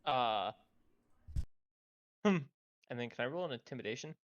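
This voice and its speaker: A man's voice: mid-range voice, expressive, normal speed, no room sound, highs cut off. A man playing a tabletop game, speaking in a laconic, dry way. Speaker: player. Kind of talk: tabletop role-play, in and out of character.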